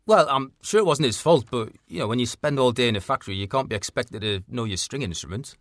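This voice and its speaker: A man's voice: mid-range voice, expressive, quick pace, dry recording, studio quality. A man hosting a mock documentary interview, awkward and condescending.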